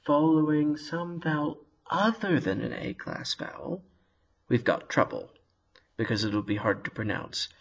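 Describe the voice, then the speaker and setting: A man teaching a recorded lesson on Hebrew vowels. He sounds out each word slowly and carefully, with a lively, rising and falling pitch. His voice has a slightly husky edge. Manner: slow, careful sounding out of words. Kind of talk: video lesson.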